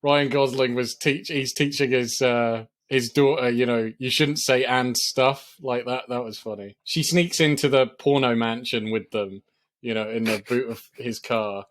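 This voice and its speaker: A man's voice: medium pitch, fairly even intonation, measured pace. Laughing man retelling movie scenes. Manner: laughs often, retells scenes with quoted lines. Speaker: podcast co-host. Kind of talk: casual film chat.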